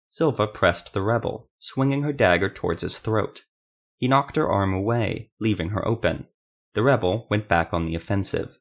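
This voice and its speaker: A man with a fairly low voice narrating a fantasy audiobook. His reading is measured and dramatic.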